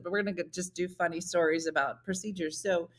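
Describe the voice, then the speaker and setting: A middle-aged woman hosting a comedy morning show, telling funny stories and acting out the dialogue with big jumps in her voice. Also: fast talker. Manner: animated, acts out dialogue with big pitch jumps. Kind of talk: comedic storytelling chat.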